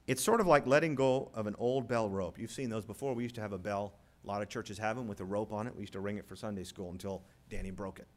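A man preaching a sermon as pastor, moving from quiet storytelling to loud, rising appeals. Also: fairly low pitch, fast, hardly any pauses.

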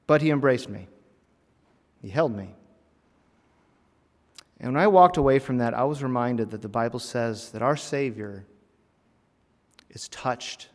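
Man, preacher, mid-pitched voice, earnest, swings from emphatic to hushed, long church-hall reverb. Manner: earnest, shifting between emphatic lifts and hushed, heavy phrases. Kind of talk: personal sermon. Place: church sanctuary.

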